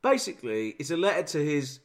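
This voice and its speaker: A man's voice: fairly high pitch, very animated, brisk. A man co-hosting a casual chat about strange records, wry and jokey. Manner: wry, jokey, acts out voices mockingly. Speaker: radio show co-host.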